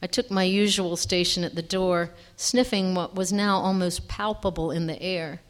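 Woman reading a story out loud, lowish voice, expressive, fixes her slips as she goes. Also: normal speed. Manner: expressive, with small self-corrections. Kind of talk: reading fiction aloud.

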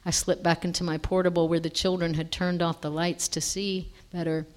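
A woman reading a first-person story aloud in an expressive way, now and then stopping to correct herself. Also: fairly low pitch, a little fast. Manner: expressive, with small self-corrections.

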